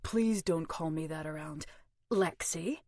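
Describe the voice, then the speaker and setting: A woman's voice: fairly low pitch, moderate pace, a little mellow, dry recording, studio quality. A woman voicing a taut, confident ex-cop. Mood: embarrassed. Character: confident middle-aged male ex-cop investigator.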